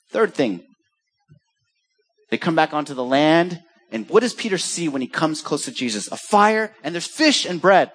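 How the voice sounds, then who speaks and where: A male pastor preaching with a fairly high voice that leaps and dips all over the place. He is rhetorical and theatrical, firing questions and slipping in little acted-out exchanges. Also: normal speed. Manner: animated, rhetorical, acts out dialogue. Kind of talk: sermon.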